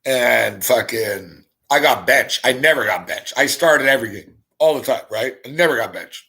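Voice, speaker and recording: A man's voice: medium pitch, animated, normal speed, vocal fry, bright, forceful tone. A young man from the Montreal area, the show's host, telling a rambling, profane story in casual talk and repeating himself often. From Montreal area, Canada. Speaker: show host.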